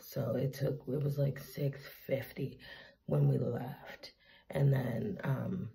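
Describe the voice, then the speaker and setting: Worn-out woman vlogger with a heavy fry and a mellow tone, frank and salty in her retelling. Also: extremely low pitch, a little slow. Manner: candid, profane, animated retelling. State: tired, teary. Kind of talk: casual storytelling vlog.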